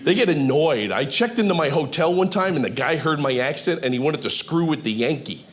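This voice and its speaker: A man's voice: on the high side, animated, brisk. A man from Philadelphia with a Philadelphia accent, telling a brash stand-up story on a club stage. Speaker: stand-up comedian.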